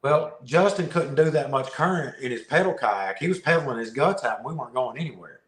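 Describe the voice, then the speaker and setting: A man guesting on a podcast, telling a fishing story in a casual, animated way, often laughing and repeating words. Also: mid-range voice, fairly quick. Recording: roomy echo.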